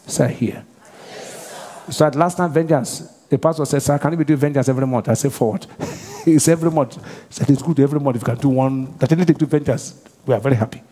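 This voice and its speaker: A man preaching a sermon as pastor, with call-and-response questions to the congregation and bursts of shouted prayer. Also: mid-range voice, fast talker, husky. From Nigeria. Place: large church hall. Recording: live church hall reverb.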